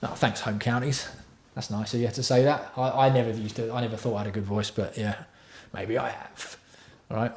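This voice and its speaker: A man's voice: mid-range voice, steady tone, a little fast, a little mellow. A man hosting a casual livestream tutorial on music production. He chats with his viewers and swears freely. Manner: chatty, swears freely, answers viewer chat.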